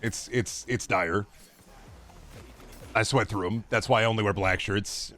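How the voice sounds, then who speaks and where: A man's voice: on the low side, fairly even intonation, unhurried, fairly bright tone. A young man streaming games, chatting casually with sarcastic, profane rants. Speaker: gaming streamer.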